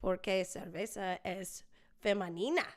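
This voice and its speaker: A woman's voice: medium pitch, moderate pace, darkish tone. A woman hosting a casual live stream, chatting with viewers and reading their comments, laughing often. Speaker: singer.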